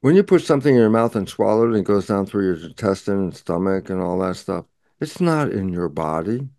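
Man explaining with animated acted-out dialogue. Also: low voice, a little fast, no room sound, clean studio sound. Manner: animated, acts out imagined back-and-forth dialogue. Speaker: guest scientist. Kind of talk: explanatory interview talk.

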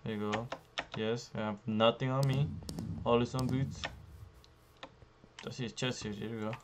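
A young man giving profane, frustrated commentary while playing a survival game, jumping between loud outbursts and low muttering. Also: fairly even intonation, normal speed, noisy background. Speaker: gaming YouTuber. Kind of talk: profane live gameplay commentary.

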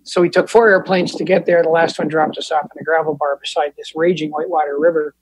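A Canadian man speaks at an Al-Anon meeting, sharing a candid, self-deprecating recovery story in a casual way, full of fillers and restarts. His voice is a little high and flat, and he talks quickly. The low-quality recording carries slight background noise.

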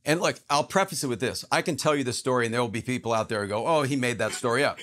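A man's voice: mid-range voice, quick pace, a bit bright. A man, a guest actor, telling an earnest personal story in casual conversation, emphatic and acting out the voices in it. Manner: earnest, emphatic, acts out quotes in his story.

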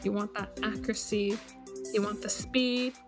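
Music runs behind a female quiz host and teacher as she leads a live online lesson, teasing and joking with players. Her mid-range voice is steady and moderately paced, and she moves between Cantonese and English with a Cantonese accent.

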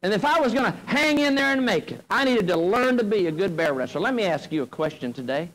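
High-voiced folksy man telling a story. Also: quick pace, low-quality recording. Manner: folksy, animated storyteller with comic timing. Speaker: motivational speaker. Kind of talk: humorous storytelling speech. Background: audience laughter.

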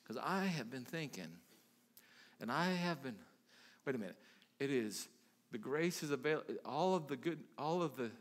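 A man's voice: medium pitch, lively intonation, normal speed, long pauses. A male pastor preaching a sermon in a conversational way, with lots of restarts and sudden emphatic bursts.

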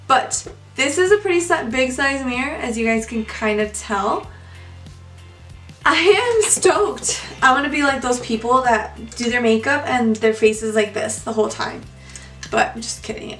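Excitable young woman unboxing, echoey room. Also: on the high side. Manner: gushing, excitable, talks to viewers. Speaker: beauty vlogger. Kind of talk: casual unboxing chat. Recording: echoey room, mic far off, music behind.

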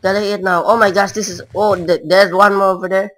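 A woman rambles through casual gameplay commentary at a middling pitch. Her English is broken and non-native, and she loosely strings thoughts together with filler words. It sounds like someone talking to herself while she plays. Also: level tone, fairly quick, fairly bright tone, poor audio. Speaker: gamer.

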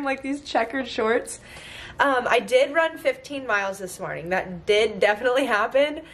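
A bubbly, giggly young woman talks into a handheld camera, her voice sitting a little high. She chats casually as if to friends watching. A faint hum of noise sits behind her. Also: a bit bright. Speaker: vlogger. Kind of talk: casual vlog chat. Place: car and outdoors by the beach.

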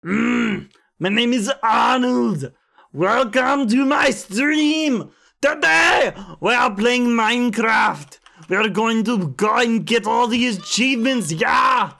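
A man doing a loud, overexcited impression of a streamer. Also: very high-pitched, slow pace, creaky, voice pushed up, full character voice. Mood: hyped. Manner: shouting, overexcited.

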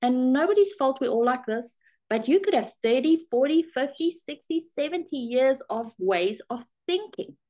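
A middle-aged woman life coach talking straight to her viewers, animated and acting out her own thoughts in quotes. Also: sits high, moderate pace. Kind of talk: direct-to-camera coaching talk.

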